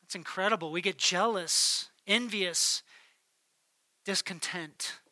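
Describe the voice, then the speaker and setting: A man preaching a sermon as pastor, swinging between emphatic declarations and hushed, near-whispered lines. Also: sits high, slow, dry recording. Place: church.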